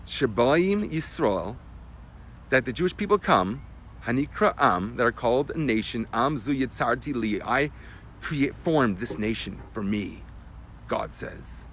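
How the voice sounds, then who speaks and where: A man, a rabbi, giving an emotional Torah class that swings from loud bursts to hushed whispers. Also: mid-range voice, unhurried, slight background noise. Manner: animated, emotional teaching.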